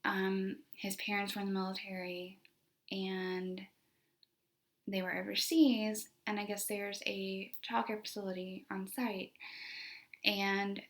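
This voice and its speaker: A woman's voice: medium pitch, level tone, takes it slowly. A young woman, a special education teacher, telling a story from her classroom in a casual, conversational way, full of "like" and "you know".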